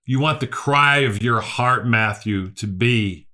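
A man's voice: medium pitch, takes it slowly, pushed and bright. A male preacher, delivering an earnest sermon that repeats key phrases and asks the listeners questions.

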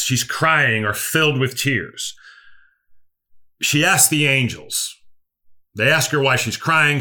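A man's voice: mid-range voice, sharp tone. A male preacher, delivering an earnest sermon that repeats key phrases and asks the listeners questions.

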